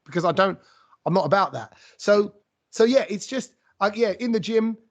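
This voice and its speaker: A man hosting a casual podcast chat, his voice sitting a little high for a man. He tells stories with lots of restarts and bursts of energy. The recording sounds muffled and lo-fi. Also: normal speed. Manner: rambling, animated storytelling with many restarts. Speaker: podcast host. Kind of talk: casual conversational interview.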